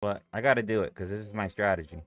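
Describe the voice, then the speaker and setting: A man's voice: lowish voice, fast talker, a bit bright. A young adult man chatting casually and loosely on a live stream, swearing freely and reading out viewer comments. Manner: loose and profane, thinking aloud. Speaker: day trading streamer.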